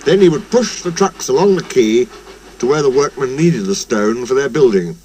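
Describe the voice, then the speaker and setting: Expressive man reading a storybook. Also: medium pitch, normal speed, slight background noise. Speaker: narrator.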